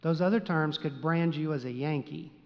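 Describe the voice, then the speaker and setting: Wry preacher in a reverberant hall. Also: male voice, a little high, moderate pace, gravelly, lo-fi sound. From Texas. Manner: wry, playful, with dry asides. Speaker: preacher and seminary teacher. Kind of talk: humorous sermon storytelling. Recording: long reverb of a large hall.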